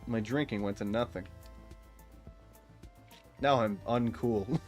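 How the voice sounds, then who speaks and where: A man's voice: on the low side, slow pace, soft background music. Laid-back young male streamer. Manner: rambling, self-mocking, laughs often. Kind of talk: casual gameplay chat with viewers.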